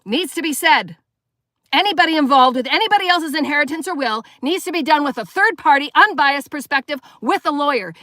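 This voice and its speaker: A woman's voice: sits high, pushed and bright, dry recording, studio quality. A woman giving a live spiritual sermon, preaching emphatically and firing rhetorical questions at her listeners. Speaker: spiritual teacher.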